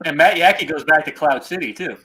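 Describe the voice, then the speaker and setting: A man's voice: fairly high pitch, fairly quick, bright, forceful tone, slightly rough, rough recording. A man in a casual chat, teasing and joking with friends.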